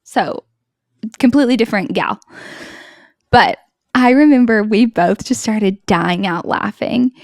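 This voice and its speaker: A woman's voice: mid-range voice, unhurried, long pauses, no echo, clean studio sound. A young woman hosting a podcast, telling a personal story in a chatty way, laughing and acting out bits of dialogue. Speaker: podcast host. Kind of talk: casual story-time chat.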